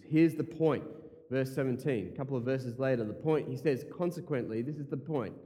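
Male pastor; mellow, dark tone; emphatic sermon delivery with offhand asides; echoing church hall. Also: medium pitch, moderate pace. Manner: emphatic, repeats key phrases, casual asides. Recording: long hall reverb.

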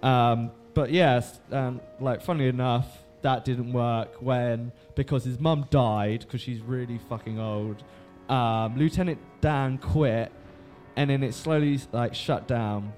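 A man's voice: medium pitch, slow pace, darkish tone, soft background music. A young man recapping a book in a loose, rambling way, swearing freely and filling gaps with ums and likes. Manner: swears freely, lots of fillers.

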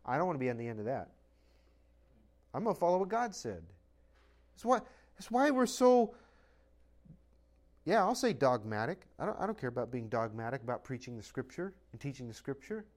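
A man's voice: high voice, very animated, normal speed. A man preaching a sermon as a pastor, emphatic and dogmatic, full of rhetorical questions.

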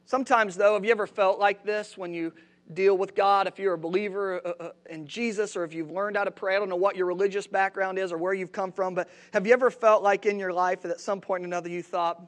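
A man's voice: sits high, steady tone, fast talker, a bit bright. Conversational male pastor preaching. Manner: conversational, asks the congregation questions. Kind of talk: sermon. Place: church.

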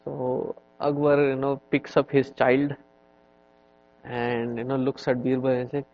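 A man, a swami, lectures on scripture at a very slow, easy pace, drifting into stories. His talk is conversational and full of "you know" fillers, at a middle pitch. The recording sounds dull and lo-fi. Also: little pitch movement. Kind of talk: spiritual lecture with storytelling.

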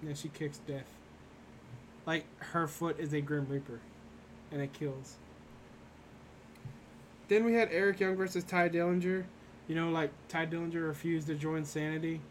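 The young host of a wrestling recap podcast speaks at normal speed in a fairly high, flat voice, pausing often. His casual chat meanders with many fillers, over slight background noise.

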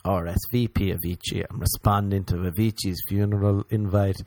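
Profane ranting comedian, lowish voice. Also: male voice, steady tone, moderate pace, vocal fry, a little mellow, no room sound. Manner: profane, mocking, exaggerated voices. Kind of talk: stand-up rant.

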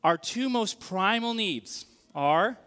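A man delivers a sermon with a fairly high voice that leaps and swoops in pitch. He talks in a casual, animated way and keeps checking in with his listeners. The sound carries the long reverb of a large hall. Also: slow. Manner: animated, conversational, asks the audience questions. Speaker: pastor.

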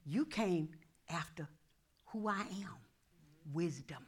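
A woman preacher voicing God as a calm male voice of authority, speaking low and hushed. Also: slow pace, breathy edge, full character voice. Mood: solemn.

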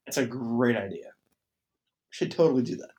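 A man hosting a casual sports podcast, opinionated and sarcastic, rattling off points in quick bursts. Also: mid-range voice, lively intonation, a little mellow. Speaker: podcast host.

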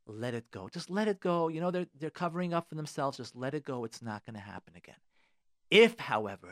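A man's voice: on the high side, a bit bright, dry recording, clean studio sound. A man, a rabbi and marriage therapist, giving advice on the radio, emphatic and repetitive, with Hebrew and Yiddish words in his talk.

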